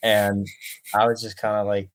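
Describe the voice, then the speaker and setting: A man's voice: fairly low pitch, completely flat delivery. A man, a guest, chiming into a casual conversation and adding his side of the story. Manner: quick to agree, chiming in. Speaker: guest explorer. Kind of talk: casual chat.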